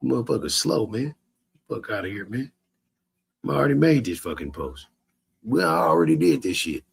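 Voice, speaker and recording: Man, husky gravelly voice, profane rant, mocking, streamer. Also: fairly low pitch, animated, normal speed. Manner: heated, cursing, mocking, laughs between lines. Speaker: social media streamer.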